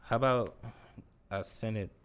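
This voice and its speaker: A young man, a rapper, talking casually in an interview in a laid-back, unhurried way, with many pauses. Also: fairly low pitch, smooth. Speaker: rapper guest.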